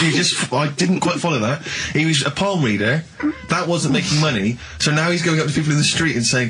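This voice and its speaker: A man's voice: a little high, brisk, hardly any pauses. A man co-hosting a radio show, chiming in with dry, questioning asides. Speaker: radio co-host. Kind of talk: wry banter. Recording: noisy radio studio recording.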